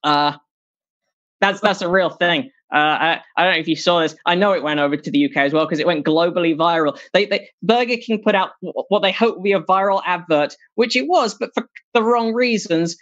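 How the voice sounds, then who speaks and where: A stand-up comedian doing a set from home over a video call, lively and quick to mock, dropping into sneering put-on voices. The audio is dull and lo-fi, with a mid-height voice. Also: mid-range voice. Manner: animated, slips into mocking put-on voices; laughs at own jokes.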